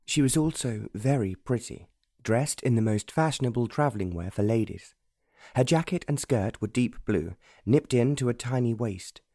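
A man narrates a historical romance audiobook with a measured, even delivery. His voice is warm and mellow, and the recording is close and very dry, with no room sound. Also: medium pitch, no echo. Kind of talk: scripted narration.

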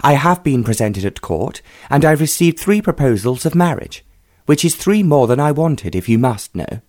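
Brief: man doing a haughty young society lady of nineteen, sharp, raised pitch, dry close sound. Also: very animated, moderate pace, no echo, lightly acted. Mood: indignant. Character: proud indignant young English lady, nineteen.

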